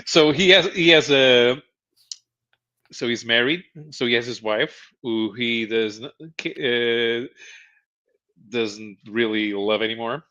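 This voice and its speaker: A man chatting casually on a comic book stream, his voice bright and forceful. He stumbles and restarts often, laughing between thoughts. The audio is dull and lo-fi. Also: mid-range voice. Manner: halting, many restarts and chuckles while explaining. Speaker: podcast co-host. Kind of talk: casual chat.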